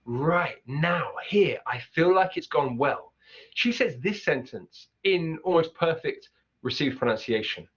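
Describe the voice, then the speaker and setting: Coach, fairly high voice, repeats example words, dull lo-fi audio. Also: male voice, fairly bright tone, slightly rough. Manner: repeats words slowly to demonstrate. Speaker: accent teacher. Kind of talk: explaining pronunciation over clips. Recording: dull lo-fi sound.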